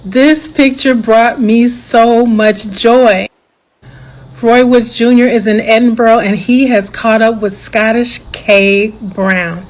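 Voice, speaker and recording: A woman talking excitedly and emphatically in a commentary video. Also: fairly high pitch, slow pace, low-quality recording.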